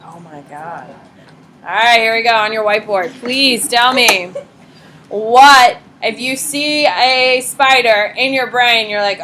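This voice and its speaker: A woman lectures a high school class with a bright, forceful voice. She is blunt and lively, and she acts out examples in quoted voices. Faint noise sits under the sound of the classroom. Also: takes it slowly. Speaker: high school psychology teacher.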